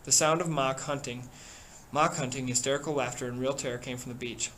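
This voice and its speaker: A man reading a novel aloud in steady, measured narration. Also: mid-range voice, slight background noise, low-quality recording. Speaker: reader.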